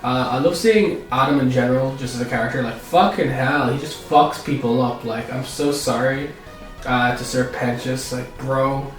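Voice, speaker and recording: A man giving a casual, profane video review, excitable and prone to sudden outbursts. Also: medium pitch, moderate pace. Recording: echoey room, far from mic, music behind.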